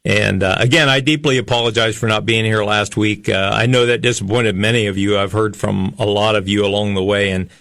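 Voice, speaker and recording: Man, 50s, health show host, earnest, halting with pauses, fairly low voice, dry recording. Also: fairly even intonation, creaky, fairly bright tone, dry recording. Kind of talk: radio health talk monologue.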